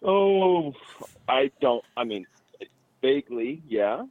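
A man's voice: medium pitch, big pitch swings, slow pace. Older man on a tinny phone line. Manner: brief, hesitant answers. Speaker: guest on phone, host's dad.

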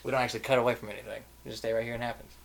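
A man's voice: mid-range voice, flat delivery, rapid-fire, vocal fry. A young man hosting a podcast among friends, joking and laughing easily. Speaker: podcast host. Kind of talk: casual banter among friends.

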